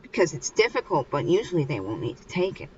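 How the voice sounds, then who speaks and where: A woman's voice: sits low, very animated, fast talker, dull audio, a little hiss or hum. A young woman casually recapping a manga chapter, rambling and restarting as she goes. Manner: rambling, acts out characters. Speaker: manga reader.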